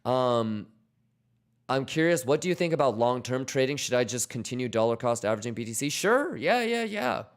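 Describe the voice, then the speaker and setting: Hosting a casual trading livestream, this man talks bluntly, swears freely, and motivates viewers to stay disciplined while reading their chat questions aloud. He has a medium-pitched, clean-toned voice and speaks briskly.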